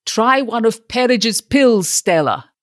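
A woman's voice: on the high side, animated, slow, no room sound, studio quality, voice pushed up. Lady doing a grumpy pompous old dad, fussy and self-pitying, sing-song delivery. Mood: testy. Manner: grumbling and pompous. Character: testy, self-pitying elderly father.

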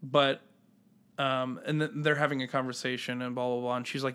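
A man's voice: medium pitch, little pitch movement, brisk, a bit bright, clean tone. A man co-hosting a podcast, talking casually and rambling through ideas with lots of restarts. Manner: rambling with many fillers and restarts, acting out scenes. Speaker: podcast co-host. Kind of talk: casual chat.

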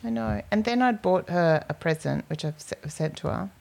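A woman's voice: lowish voice, expressive, normal speed, vocal fry, a little mellow, slight background noise. A woman co-hosting a casual podcast, telling stories and acting out the lines people said. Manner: storytelling, acts out quoted speech. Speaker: podcast co-host. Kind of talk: casual chat.

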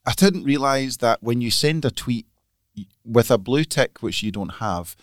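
A man's voice: medium pitch, expressive, moderate pace, no echo, studio quality. A Scottish man co-hosting a podcast, chatting casually in a grumbling, dryly dismissive way. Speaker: podcast co-host, magazine editor. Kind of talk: casual chat.

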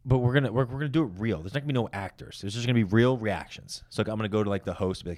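A man's voice: lowish voice, very fast, hardly any pauses, a little mellow, no echo. A young man on a podcast, rambling through crude stories in casual chat. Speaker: podcast co-host.

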